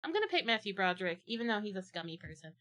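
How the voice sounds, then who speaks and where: A woman's voice: medium pitch, big pitch swings, very fast, sharp tone. A woman streamer chatting casually on a watch-along stream, rambling playfully into silly bits.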